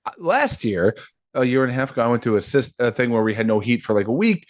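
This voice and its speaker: A man in his thirties co-hosting a casual podcast, his pitch swinging widely as he tells stories. He acts out quotes and laughs often. The recording is close and dry, with no room sound. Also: sing-song, fast talker, no room sound. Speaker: podcast co-host.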